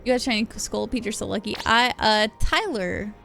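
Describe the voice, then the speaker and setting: A woman's voice: mid-range voice, brisk, gravelly, sharp tone, soft background music. A young woman chatting casually while she plays a game live, giggly and self-deprecating. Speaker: streamer. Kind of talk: casual live gameplay commentary.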